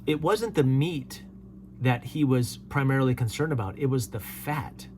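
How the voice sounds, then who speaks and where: A man's voice: mid-range voice, normal speed, darkish tone, slight background noise. A man hosting a casual solo commentary show, reading viewer comments aloud and replying with dry chuckles. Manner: laid-back, reads comments aloud and replies with chuckles.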